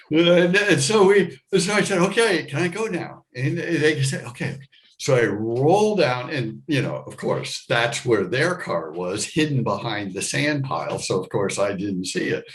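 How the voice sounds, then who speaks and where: A middle-aged American man telling a personal story to a live audience, animated, jumping into loud high voices for the people in it. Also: rough recording. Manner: animated, acts out his younger self and others with loud high shouts.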